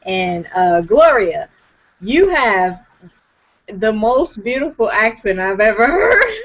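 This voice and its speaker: A woman's voice: mid-range voice, sing-song, takes it slowly. Woman, 20s, from chicago, hesitant, lots of ums, muffled lo-fi call audio. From Chicago, USA. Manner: hesitant with many "um"s, self-joking. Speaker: guest panelist. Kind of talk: personal story on a call. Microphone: video call.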